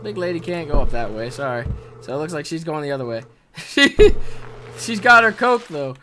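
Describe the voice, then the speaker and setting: A young man doing excitable let's play commentary, yelping, shouting and swearing at game mishaps. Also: fairly high pitch, normal speed, slight background noise. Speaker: gaming video host.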